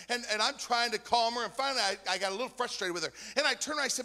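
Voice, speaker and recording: A man, preaching a sermon as a guest speaker, telling stories with animation and rising to shouts. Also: sits high, fast, few pauses, in a large hall. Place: church sanctuary.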